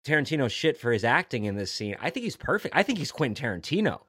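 A man's voice: mid-range voice, sing-song, quick pace, sharp tone, breathy edge, no room sound. A man in casual podcast conversation, rambling through a favorite movie scene with growing enthusiasm. His voice sits mid-range and is recorded dry and close. He tosses in fillers and swear words freely. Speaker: podcast co-host. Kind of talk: casual film discussion.

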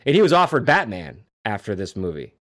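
A man in casual film talk, acting out movie lines in low growled voices. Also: sing-song, brisk, a bit bright.

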